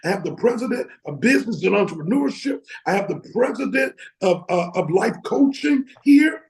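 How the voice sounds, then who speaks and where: Fervent motivational preacher, man, high gravelly voice, video call. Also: lively intonation, moderate pace, darkish tone, rough recording. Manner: fervent, exclaims and laughs often. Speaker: academy leader addressing members.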